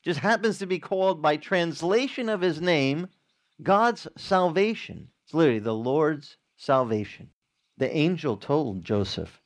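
Speaking in an expressive, unhurried voice, a man preaches casually, as if in conversation. He brings in little acted-out exchanges, his pitch leaping between the voices.

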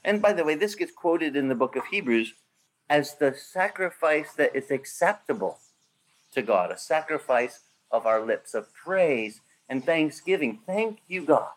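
A man, a pastor, preaching a sermon with lively acted-out quotes and a rising, emphatic delivery. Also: a little high, unhurried.

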